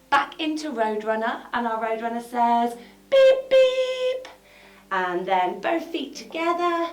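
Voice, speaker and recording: A young woman guiding a children's yoga class, bright and encouraging, with playful high sound effects. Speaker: kids yoga teacher. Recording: echoey room with background music.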